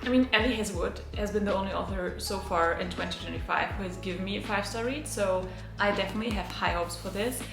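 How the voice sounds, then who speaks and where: A woman's voice: medium pitch, quick pace, gravelly, roomy sound, over music. Chatty young woman gushing about books. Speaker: book vlogger. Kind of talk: casual reading vlog chat.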